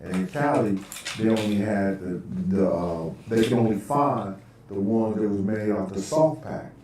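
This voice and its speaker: Middle-aged guy rambling through an old story, you know and um everywhere, lowish voice, echoey room. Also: a little slow, a little hiss or hum. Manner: rambling, loose delivery with frequent "you know" and "um"; gets loud and high when acting out quoted people. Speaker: storyteller recounting personal anecdotes. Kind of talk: casual anecdotal storytelling. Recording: roomy echo.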